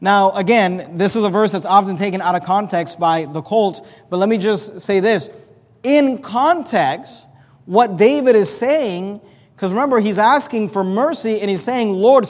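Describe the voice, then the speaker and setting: A man's voice: very high voice, big-room sound. A man preaching a sermon as pastor, reading scripture and building to pleading emphasis.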